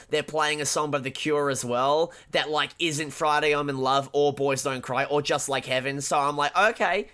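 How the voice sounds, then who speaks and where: A man's voice: medium pitch, clear, resonant tone. A man co-hosting a podcast, chatting casually and profanely about a film, stumbling over restarts. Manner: animated, profane, halting with many restarts. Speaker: podcast co-host. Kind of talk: casual film-review chat.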